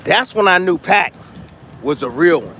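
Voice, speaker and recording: A man's voice: high-pitched, animated, moderate pace, bright, forceful tone, a little hiss or hum. A man, a former boxer, giving blunt opinions in a casual monologue, repeating himself and trash-talking.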